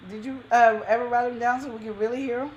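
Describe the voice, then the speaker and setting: A woman's voice: fairly high pitch, fast talker, dull audio, slight background noise. A woman co-hosting a casual chat show, telling stories animatedly and repeating her punchlines. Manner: animated storytelling with repeated phrases. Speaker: co-host.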